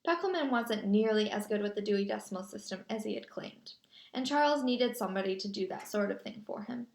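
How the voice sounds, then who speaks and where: Brief: lively female storybook narrator, roomy echo. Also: mid-range voice, fairly quick. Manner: lively storytelling, voicing characters. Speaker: audiobook narrator. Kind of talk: reading a children's novel aloud. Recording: echoey room.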